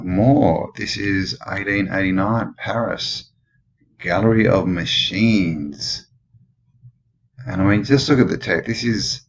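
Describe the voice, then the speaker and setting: An Australian man with a very low, deep voice comments in a loose, rambling way, throwing out questions as he goes. The sound is dull and lo-fi. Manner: rambling, musing, full of questions. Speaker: channel host. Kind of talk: casual commentary over old photos.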